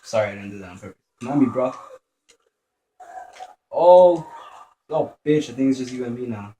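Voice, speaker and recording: A man's voice: medium pitch, lively intonation, moderate pace, dark tone. Profane, jumpy young man commenting on a game. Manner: profane, jumpy, mutters to himself. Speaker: gameplay commentator. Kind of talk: gameplay commentary. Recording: echoey room, faint background noise.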